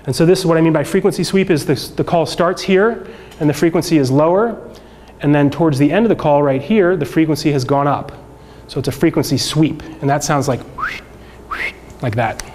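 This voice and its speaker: A man teaching a workshop class, talking through slides in a relaxed, conversational way with many fillers and restarts. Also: fairly high pitch, brisk, a little hiss or hum. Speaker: workshop instructor. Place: lecture room.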